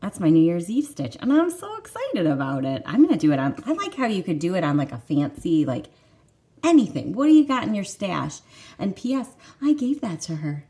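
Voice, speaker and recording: A woman's voice: lowish voice, wildly swooping pitch, a little fast, warm tone. A woman in her thirties from the Detroit suburbs, hosting a cross-stitch vlog in casual, enthusiastic chat that often breaks into laughs. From Detroit suburbs, USA. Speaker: vlogger, cross-stitch channel host.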